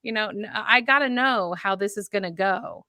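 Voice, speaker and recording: Radio host lady in her 30s, animated chatty storyteller, dry close sound. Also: medium pitch, normal speed, dry recording. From United States. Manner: animated storyteller, acts out voices. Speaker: radio host and podcast guest. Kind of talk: casual chat.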